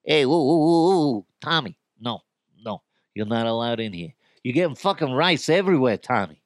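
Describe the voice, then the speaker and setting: A man's voice: medium pitch, lively intonation, moderate pace, dry recording, studio quality, close to an everyday voice. A man putting on the voice of a foul-mouthed, irritable Italian gangster who scolds in profane, exasperated bursts. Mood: irritated.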